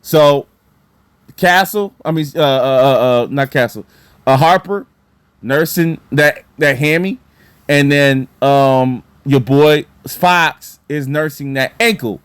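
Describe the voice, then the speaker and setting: Excitable man talking basketball. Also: a little high, slow pace, smooth, no room sound. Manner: animated, excitable, lots of fillers and repeats. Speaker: basketball commentator vlogger. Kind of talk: casual sports talk.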